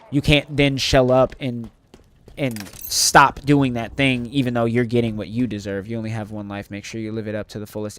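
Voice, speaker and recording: A man streaming a game, chatting earnestly and emotionally to his viewers, rambling with many fillers and restarts. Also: medium pitch. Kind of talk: casual chat to live chat while gaming.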